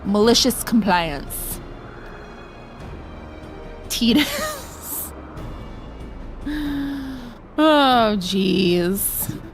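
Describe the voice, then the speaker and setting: A woman's voice: medium pitch, big pitch swings, very slow, pauses often, soft background music. A young woman chatting playfully on a game live stream, laughing often and reacting to chat.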